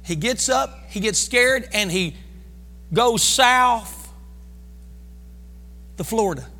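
A man preaching a fervent sermon, calling on his congregation to respond and breaking into shouts. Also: sits high, lively intonation, slow, in a large hall. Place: church sanctuary.

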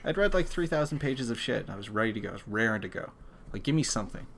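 A man talks games in a relaxed podcast chat, his low voice gravelly yet sharp at the top. He's blunt and candid and swears without a second thought. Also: very fast, slight background noise. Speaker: podcast co-host. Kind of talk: casual chat about video games.

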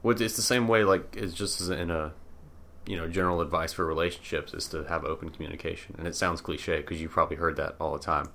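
A young man with a very low voice and a bright, forceful edge, chatting on a podcast. He reasons things through reflectively, leaning on everyday examples. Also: fairly even intonation, fast, creaky. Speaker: podcast co-host. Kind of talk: casual conversation.

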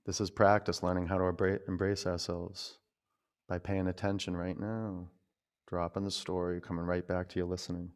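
A man teaching a yoga class, gently cueing breath and poses in a loose, conversational way. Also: deep voice, level tone, moderate pace, clean tone.

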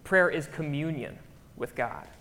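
A man's voice: fairly high pitch, lively intonation, a little slow, fairly bright tone. Chatty preacher man in a reverberant hall. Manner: chatty, keeps checking in with the crowd. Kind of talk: casual conversational sermon. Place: church.

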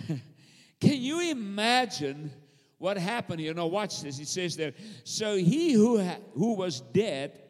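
A man's voice: sits high, expressive, a little slow, darkish tone. A man preaching a fervent sermon in a church, calling on the congregation to answer back. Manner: fervent, repetitive preaching with call-and-response to the congregation. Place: church sanctuary. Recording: long hall reverb.

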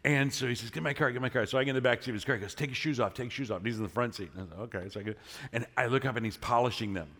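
A middle-aged male pastor delivers a sermon in a church sanctuary, speaking very fast in a mid-range voice. He tells a story casually, then energetically rouses and prompts the congregation, and the church's long hall reverb trails after his words.

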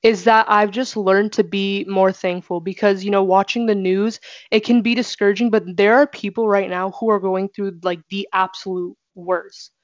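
Young woman, flat earnest talk, dry dull recording. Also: mid-range voice, normal speed, no room sound. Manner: earnest, fillers. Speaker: panelist. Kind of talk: casual faith discussion.

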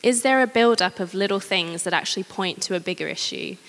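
Woman giving a sermon, mid pitch, chatty personal stories, big echoey hall. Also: brisk. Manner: candid, personal storytelling with gentle humor. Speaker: preacher. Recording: long hall reverb.

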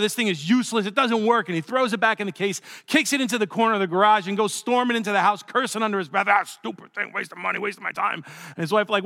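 A man preaching a sermon as pastor, telling a story in a lively, conversational way. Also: high voice, long reverb tail.

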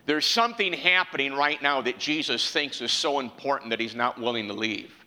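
A man preaching a sermon in a church, calling out questions to the congregation and building to an impassioned pitch. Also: brisk, bright, forceful tone, long reverb tail, poor audio.

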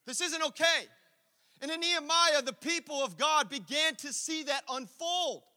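A man with a very high, bright voice preaches a sermon. He tells his story with energy and acts out the quotes as he goes. His voice rings with long reverb through a large church hall. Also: moderate pace. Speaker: pastor.

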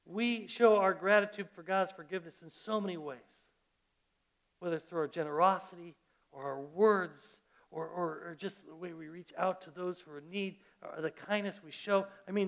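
A man preaches a sermon with a high, bright-sitting voice. He tells the story with energy and often doubles back on his words, repeating "and, and" as he builds his point. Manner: animated storytelling with repeated restarts. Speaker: pastor.

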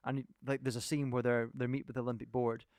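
A man's voice: medium pitch, little pitch movement, fast, a little mellow, clean tone, no room sound, studio quality. A man co-hosting a podcast, enthusiastically retelling a documentary in casual chat, rambling from point to point. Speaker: podcast co-host.

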